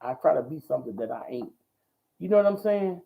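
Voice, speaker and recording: Gravelly-voiced bold preaching man. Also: a little high, animated, fairly quick, narrow, tinny audio. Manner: loud, bold and slangy, repeats phrases; answers viewer comments. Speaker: ministry talk show host. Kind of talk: casual preaching talk.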